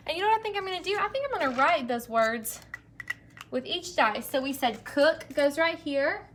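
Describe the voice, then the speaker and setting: A young woman teaches early readers, drawing each word out slowly and cheering them on. Her voice is bright and a touch high, with a faint hiss underneath. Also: lively intonation. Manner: slow, drawn-out word modeling, encouraging. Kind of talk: early-grade phonics lesson to camera.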